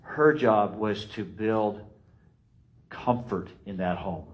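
A man preaching a sermon, emphatic and repetitive, swinging between loud rises and quiet drops. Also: fairly low pitch, slow, highs cut off. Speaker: pastor.

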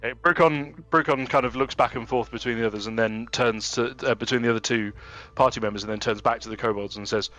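Man playing a tabletop game, halting. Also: medium pitch, steady tone, a bit bright, soft background music. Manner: halting, full of fillers. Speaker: player. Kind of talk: casual tabletop play.

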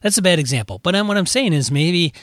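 A man with a fairly high voice thinks out loud in stop-start sentences full of fillers. The sound is dry and close to the mic. He talks like a laid-back co-host on a gaming podcast. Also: animated, no echo. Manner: halting, full of fillers and restarts. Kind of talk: casual chat.

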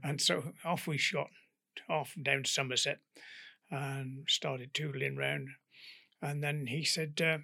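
An older man from the UK telling stories as an interview guest, his voice gravelly and bright, a little higher than most men's. He is animated and acts out the dialogue in his anecdotes. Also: slow.

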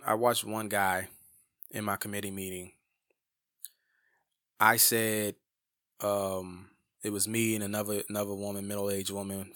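A man's voice: lowish voice, pushed and bright, no echo, clean studio sound. A man, a community advocate, telling a personal story in a passionate, emphatic way, often restarting his sentences.

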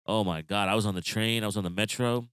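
Low-voiced animated New storyteller man. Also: quick pace, clear, resonant tone, no echo. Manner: animated, swearing, slangy storyteller. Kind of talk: casual storytelling chat.

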